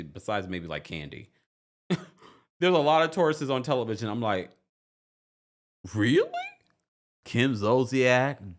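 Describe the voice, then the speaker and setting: A man hosting a reality TV recap livestream, chatting casually, reading viewer comments and laughing often. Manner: animated, laughs often, jumps into high squeals. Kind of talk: casual livestream chat reading super chats.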